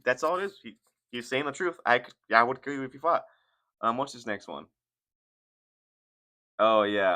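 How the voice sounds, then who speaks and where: A young man hosting a commentary channel gives casual, profane reactions to fight sports, rambling and laughing throughout. His voice is medium-pitched with a sharp tone.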